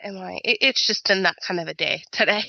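A woman's voice: medium pitch, moderate pace, creaky, dry recording, highs cut off. A woman telling a rambling story in casual chat, full of fillers and quoted asides.

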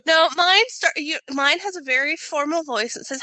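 A woman chats casually about her long day, piling up fillers and quoted asides. Her voice is bright and a little high for a woman. The sound is dry and close. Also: normal speed, hardly any pauses, no room sound, poor audio. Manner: rambling, animated storyteller, many fillers. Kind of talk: casual chat.

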